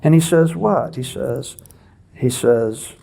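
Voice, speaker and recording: A man preaching a conversational expository sermon in a church, teaching with lively rhetorical questions. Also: medium pitch, slow, gravelly. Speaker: pastor.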